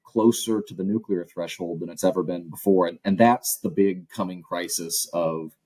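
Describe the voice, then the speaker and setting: Guest academic, male, low husky voice, measured and analytical. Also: warm tone, dry recording, low-quality recording. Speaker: guest author and professor. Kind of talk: interview answers.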